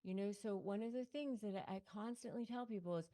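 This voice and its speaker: A woman's voice: mid-range voice, a little fast, dark tone. Emphatic middle-aged woman coach. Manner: emphatic, punchy repeated phrases. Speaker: lawyer and negotiation coach. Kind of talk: motivational advice to camera.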